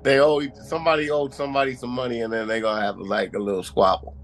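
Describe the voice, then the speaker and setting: A man's voice: mid-range voice, level tone, quick pace, slight background noise. A man co-hosting a true crime podcast, reacting casually and guessing at what happens next. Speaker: podcast co-host.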